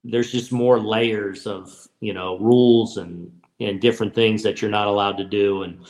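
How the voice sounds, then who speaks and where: A man in his fifties, a baseball manager and guest, telling stories in relaxed podcast chat, with frequent restarts. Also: fairly low pitch, moderate pace. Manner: relaxed, many restarts and "you know"s. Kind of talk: casual podcast storytelling.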